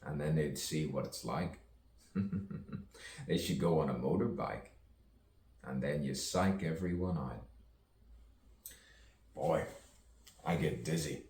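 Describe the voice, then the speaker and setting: Man with a very low voice, slow, playful rhyming ramble; distant mic in a roomy space. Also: a little mellow, a little hiss or hum. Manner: playful, rhyming wordplay, frequent chuckles. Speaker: poet. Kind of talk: rambling improvised monologue.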